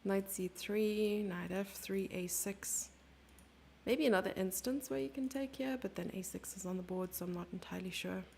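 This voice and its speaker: A woman's voice: mid-range voice, moderate pace, vocal fry, darkish tone, slight background noise. A woman streamer giving chatty live chess commentary, thinking aloud and sometimes dropping into a whisper.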